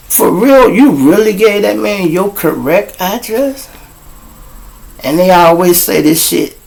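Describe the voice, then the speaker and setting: A middle-aged man, gravelly and fairly high-voiced, telling street stories to a live audience. He talks slowly and bluntly, cursing and mocking, and he is recorded outdoors. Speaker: show host and storyteller.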